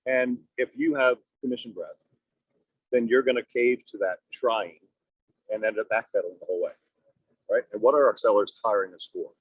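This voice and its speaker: A man's voice: normal speed, slightly rough, dry recording. A man, a real estate broker, coaching his team in a meeting with leading questions. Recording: muffled low-fidelity audio.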